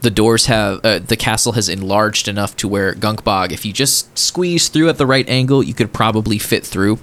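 A man's voice: lowish voice, normal speed, a bit bright. A man running a tabletop game as game master, narrating hesitantly with many fillers.

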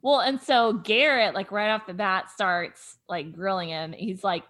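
A woman's voice: a little slow, few pauses. Woman co-host, casual chatty recap, filler-heavy delivery. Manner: chatty, uses many fillers, drops low and soft at times. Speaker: podcast co-host.

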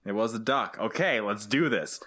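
A man co-hosting a casual comedy podcast, sarcastic and deadpan, swearing freely. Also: lowish voice, moderate pace. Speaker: podcast co-host. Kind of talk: casual comedic recap chat.

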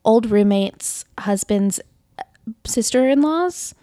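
A woman's voice: a little high, lively intonation, takes it slowly, mellow, dry recording, clean studio sound. A woman guest on a casual podcast chat who speaks easily and chuckles between phrases.

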